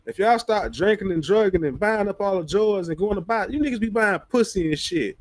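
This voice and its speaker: Male streamer, raised pitch, blunt profane rant delivery. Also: lively intonation, a little fast, no room sound. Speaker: livestreamer. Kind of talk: ranting livestream commentary.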